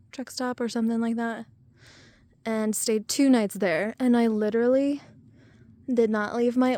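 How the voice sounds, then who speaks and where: A woman talks to her camera while walking an outdoor trail, a little out of breath. Her voice sits fairly high with a mellow, soft tone. She rambles and pokes fun at herself in a chatty way. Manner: rambling, self-deprecating, chatty. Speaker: vlogger. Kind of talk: casual vlog chat while hiking.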